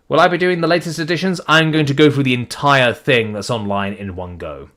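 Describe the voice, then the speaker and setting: A man's voice: mid-range voice, a little fast, hardly any pauses, a bit bright. A man narrating a live reading, chatting casually with his viewers, thinking aloud and mocking himself. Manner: muttering, thinking aloud, self-deprecating. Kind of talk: casual live-stream chat.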